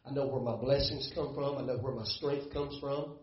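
A man's voice: mid-range voice, fairly even intonation, moderate pace. A middle-aged man preaching a sermon as pastor, folksy and emotional, often repeating words, close to tears. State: tearful. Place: church sanctuary. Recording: roomy, dull church sound.

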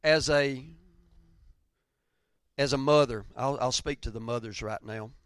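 A man preaching a conversational sermon, telling stories, then rising loud and dropping to near whispers. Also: mid-range voice, measured pace, smooth, dry recording, studio quality. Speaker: pastor.

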